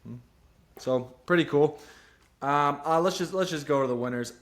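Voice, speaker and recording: A young podcast host gives golf betting picks in casual solo commentary, rambling and self-deprecating as he jumps between serious and goofy. His voice is on the high side, at a moderate pace.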